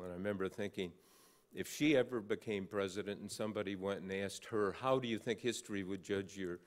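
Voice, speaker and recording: In a large banquet hall before an audience, an older man gives an award acceptance speech, telling an anecdote with dry, wry humor. His voice is lowish and fairly quick.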